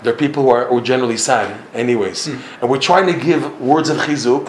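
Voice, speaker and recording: This man has a mid-range voice and speaks fairly quickly, with slight background noise and a roomy echo. He's a religious teacher giving a Torah lecture emphatically, often repeating himself and chuckling.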